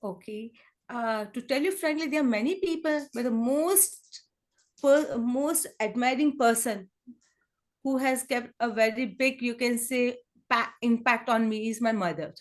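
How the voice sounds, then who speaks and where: High-voiced Indian woman, earnest. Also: unhurried. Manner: switches between English and Hindi, many fillers like "and all", "you can say"; earnest, emotional in places. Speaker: interview guest, kindergarten teacher. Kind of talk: conversational interview answers.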